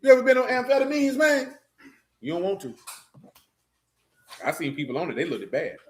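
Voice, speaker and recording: Man, middle-aged, high-pitched, animated preaching, joking and mocking. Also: normal speed. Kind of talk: loose preaching talk. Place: church meeting room.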